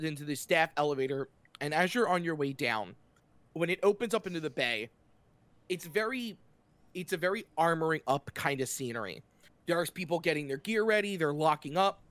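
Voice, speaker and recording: A man's voice: a little high, a bit bright, no echo. A man narrating a tabletop game as game master, talking casually and describing scenes loosely with fillers and restarts.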